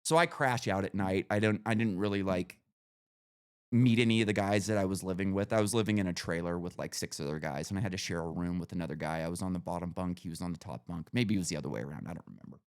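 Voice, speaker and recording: A man hosting a podcast, telling a long profane story in casual chat with lots of animated rises. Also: sits low, quick pace, clean tone. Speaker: podcast host.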